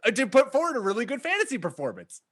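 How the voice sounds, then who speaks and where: Lively bright-voiced man chatting stats. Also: fast. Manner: animated, laughing, profane, jumps up in pitch when stressing stats. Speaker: podcast co-host. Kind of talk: casual fantasy sports chat.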